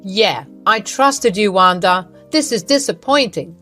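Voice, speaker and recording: A stern, cold husband who talks in flat, firm statements, read by a woman in her own mid-range voice. Nothing about the delivery lifts or wavers, and every word lands with the same weight. Faint music sits underneath. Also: mid-range voice, measured pace. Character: wronged husband, adult man, cold and firm.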